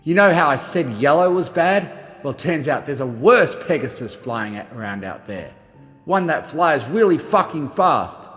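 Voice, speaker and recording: A man narrating a first-person journal as an audiobook, reading expressively and shifting between gruff and frightened delivery. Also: fairly high pitch, lively intonation, measured pace, fairly bright tone, long reverb tail, soft background music. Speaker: audiobook reader.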